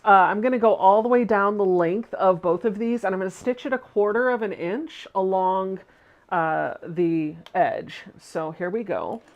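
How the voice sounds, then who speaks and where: A woman's voice: mid-range voice, moderate pace, lo-fi sound. A woman from Virginia hosting a casual sewing tutorial on a livestream from her home sewing room. She is chatty, laughs easily, and corrects her wording mid-sentence. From Virginia, USA. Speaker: sewing channel host.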